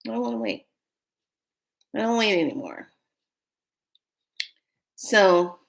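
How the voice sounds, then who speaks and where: A woman who reads oracle cards, telling a rambling, excitable story in a casual vlog. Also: fairly low pitch. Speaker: oracle card reader.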